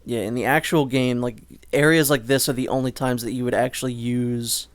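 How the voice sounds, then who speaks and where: This man's gameplay commentary is chatty and wandering, as befits a let's play host, with frequent restarts and sudden swearing. His mid-range voice keeps a steady tone at a slightly fast pace, recorded dry.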